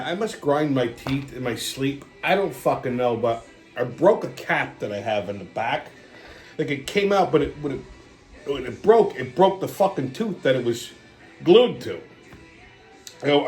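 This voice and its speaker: Middle-aged male host, fairly high voice, profane sardonic storyteller, faint music underneath. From New York. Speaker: podcast host. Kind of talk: casual storytelling monologue.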